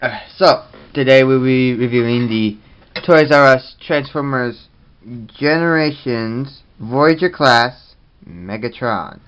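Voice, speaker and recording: A man hosting a casual toy review vlog, talking in a rambling, halting way. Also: medium pitch, fairly bright tone, smooth.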